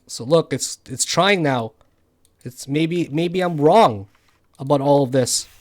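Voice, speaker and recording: A man with a somewhat high voice talks through his trades live, worn out after a night with no sleep. He thinks out loud, gets frustrated and swears often. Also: slow. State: tired from no sleep. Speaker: crypto day trader. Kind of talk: live trading commentary over charts.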